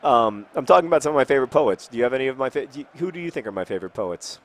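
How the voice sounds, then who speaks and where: A man's voice: medium pitch, expressive, rapid-fire. A man in his thirties rambling in casual chat while playing a football video game, self-mocking with sudden frustrated outbursts.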